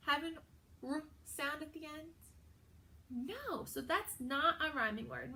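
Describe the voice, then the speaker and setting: A young adult woman teaching a video lesson to young children, talking in a slow, sing-song, encouraging way. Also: high voice, bright, forceful tone. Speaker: pre-K teacher.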